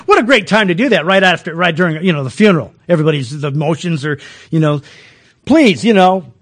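High-voiced, folksy male preacher. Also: lively intonation, a little fast. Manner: folksy, chuckling, many restarts. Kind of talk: conversational sermon.

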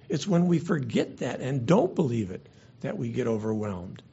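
A man's voice: medium pitch, sing-song, normal speed, gravelly, mellow, slightly rough. A man preaching a sermon as pastor, earnest and conversational, sometimes restarting his words. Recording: dull lo-fi recording.

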